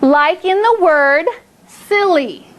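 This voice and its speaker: A woman leads young children through a phonics lesson in a very high, bright voice. She keeps it upbeat and encouraging, slowing right down to stretch out each word she models. A faint hiss of room noise sits under the classroom recording. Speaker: teacher. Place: classroom with small group of children.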